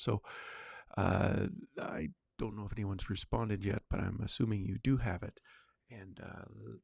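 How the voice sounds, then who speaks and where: A man's voice: lowish voice, gravelly, a little mellow, slightly rough, no room sound. A male podcast host chatting casually on his own, rambling with lots of fillers and restarts. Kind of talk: casual solo livecast chat.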